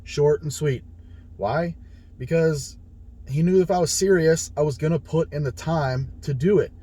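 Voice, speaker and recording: A man's voice: on the high side, a little slow, dark tone, breathy edge. A man casually telling a story about his training, blunt and heavily profane, acting out the conversations he had. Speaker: powerlifter sharing his experience.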